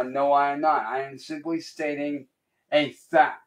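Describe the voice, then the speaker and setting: Male livestreamer, fairly high voice, slow defiant lecture. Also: little pitch movement. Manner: slow, deliberate, repetitive lecturing; confrontational, defiant. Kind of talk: livestream rant addressed to a critic.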